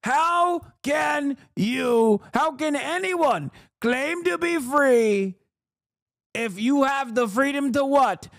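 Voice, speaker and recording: A man putting on the voice of a bombastic male politician with a booming, crowd-rousing delivery. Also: lively intonation, takes it slowly, creaky, fairly bright tone, no echo, clean studio sound, full character voice.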